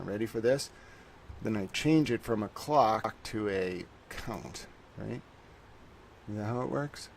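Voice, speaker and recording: Man, livestream host, casual rambling chat, low gravelly voice, faint hiss. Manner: rambling, talks to chat while fiddling with settings.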